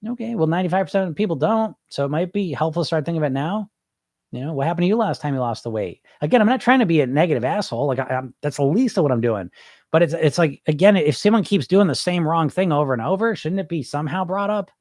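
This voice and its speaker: A man's voice: on the high side, lively intonation, quick pace, a little mellow, no echo, clean studio sound. A man hosting a live podcast, talking bluntly and emphatically to his listeners, repeating points for effect. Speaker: podcast host. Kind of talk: live-stream chat reading comments.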